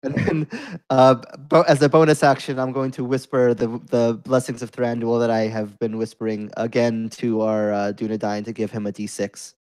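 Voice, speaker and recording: A man playing a tabletop game, declaring his moves in a measured, hesitant way. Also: medium pitch, level tone, darkish tone, clean tone, rough recording. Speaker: player.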